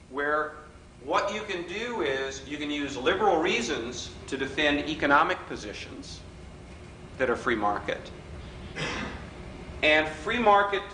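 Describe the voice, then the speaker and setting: A middle-aged man giving a live workshop lecture in a hotel function room, an animated, wisecracking storyteller who mimics the people in his stories. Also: mid-range voice. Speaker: workshop speaker. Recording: roomy hall recording with faint background noise.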